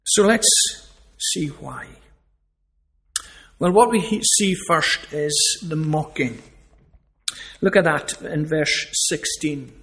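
A man's voice: fairly high pitch, slow, gravelly, long pauses, fairly bright tone. A man preaching a sermon, earnest and emphatic, asking rhetorical questions.

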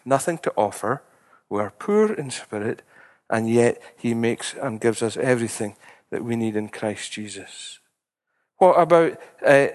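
Man preaching conversationally. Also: mid-range voice. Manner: conversational, earnest preaching with rising emphasis. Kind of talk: sermon.

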